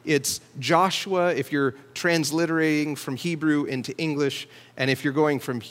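Male pastor, fairly high voice, measured teaching delivery, church sanctuary with long reverb. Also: steady tone, fairly bright tone. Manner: measured teaching, slows to stress key words. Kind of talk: sermon.

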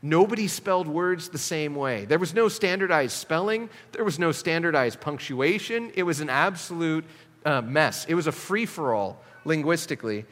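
A man's voice: fairly high pitch, animated, normal speed, fairly bright tone. A man preaching a sermon in a conversational, emphatic way, asking his listeners questions. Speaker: pastor. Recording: long hall reverb.

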